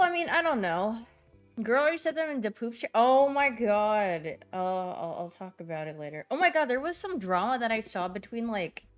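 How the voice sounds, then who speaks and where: A young woman streaming, telling stories in a lively, animated way and often laughing and squealing. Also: mid-range voice. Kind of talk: casual chat stream.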